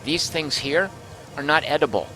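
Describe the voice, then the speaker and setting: A man's voice: a little high, animated, moderate pace, sharp tone, faint music behind. A man casually commenting as he streams a game, thinking aloud and reading out viewer comments.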